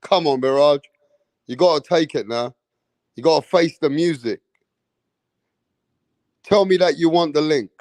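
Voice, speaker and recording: A man's voice: on the high side, measured pace, pauses often, darkish tone, no room sound. A man who hosts boxing commentary, mocking and taunting a viewer in a profane, repetitive rant. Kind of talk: ranting reaction commentary.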